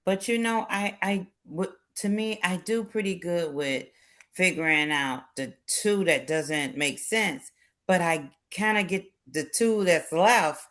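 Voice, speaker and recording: A woman from a study group speaks in a lowish, bright voice. She talks haltingly and starts her sentences over.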